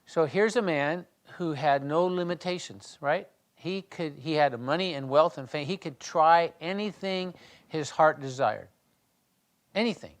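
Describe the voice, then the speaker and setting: A man with a slightly higher voice than most leads a small Bible study. He reads scripture aloud and then talks it over in a loose, conversational way. He thinks aloud, restarts his sentences and often clears his throat. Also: a little slow. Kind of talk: reading scripture and discussing it in a small group.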